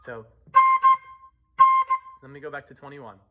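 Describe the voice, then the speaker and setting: A man's voice: medium pitch, steady tone, a little slow, loud music behind the voice. A man teaching a flute part, talking students through rhythm and articulation and scatting the phrases on syllables. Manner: scats rhythms on syllables between instructions. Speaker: band teacher. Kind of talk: casual music rehearsal lesson.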